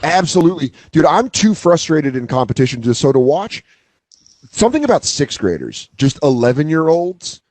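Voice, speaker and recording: A man's voice: fairly high pitch, sing-song, a little mellow, no room sound. A man hosting a casual podcast chat, swearing freely and acting out what others say, from Colorado. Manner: profane, jokey, quick to act out quotes. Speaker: podcast host, comedian.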